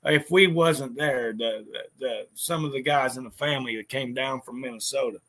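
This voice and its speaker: A man's voice: medium pitch, normal speed, sharp tone. A man telling a personal story in a bitter, profane way, with lots of stammered restarts. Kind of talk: casual spoken monologue.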